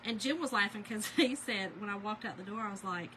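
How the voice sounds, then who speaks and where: A woman's voice: medium pitch, animated, fairly quick, pushed and bright, slight background noise, poor audio. A chatty woman, telling stories to viewers and reading their names aloud during a casual crafting livestream.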